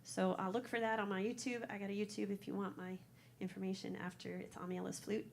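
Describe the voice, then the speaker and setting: A woman's voice: medium pitch, level tone, fast, creaky, a little hiss or hum. A woman in her fifties with a Minnesotan accent, chatting nervously and rambling before her poem at an open mic in a coffee shop. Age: 50s. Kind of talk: casual chat before a poem.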